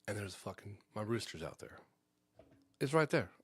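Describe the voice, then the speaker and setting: A man's voice: fairly low pitch, very animated, moderate pace, slightly rough. Rambling profane man telling a story. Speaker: podcast host. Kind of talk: casual storytelling on a live stream.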